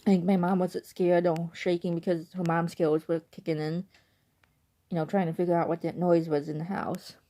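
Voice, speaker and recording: A woman's voice: on the low side, little pitch movement, normal speed, dark tone. A young woman telling a rambling story casually at home in her bedroom at night, full of "like" and asides. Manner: rambling, chatty, lots of "like". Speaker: vlogger.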